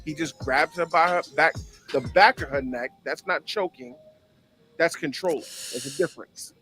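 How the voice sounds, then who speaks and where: A man's voice: a little high, sharp tone, faint music behind. A man hosting a casual talk show, explaining at length with plenty of fillers. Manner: conversational, drawn-out explaining with fillers. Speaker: host. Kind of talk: casual chat.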